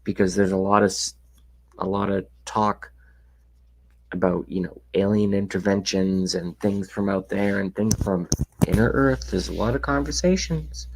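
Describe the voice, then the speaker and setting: A man's voice: sits low, normal speed, creaky, rough recording. A man hosting a casual live-streamed rant, talking to his chat, sarcastic and profane, sometimes dropping into a whisper. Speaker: livestream host. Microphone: webcam mic.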